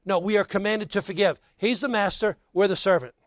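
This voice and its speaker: A male pastor preaching a sermon and leading a closing prayer and altar call, swinging between loud emphasis and hushed tones, with folksy asides between scripture readings. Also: high voice, brisk, no room sound.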